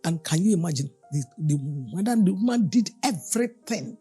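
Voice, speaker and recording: Very husky, lively woman preacher. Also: fairly low pitch, moderate pace, faint music behind. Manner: animated storyteller, acting out the people in her stories. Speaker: pastor. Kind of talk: storytelling sermon.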